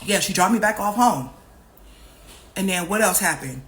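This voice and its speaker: A young woman telling her story on camera in a loose, chatty way, swearing freely and circling back over the same points. She keeps her pitch in the middle range for a woman's voice and jumps into other people's lines as she goes. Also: moderate pace. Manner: animated, profane, repeats herself, acts out other people's lines. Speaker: vlogger. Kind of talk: casual storytime vlog.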